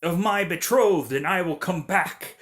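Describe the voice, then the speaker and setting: A man's voice: high voice, unhurried, a bit bright. A man putting on a pompous male movie hero who declares grand vows in a stiff, formal way. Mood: grandiose.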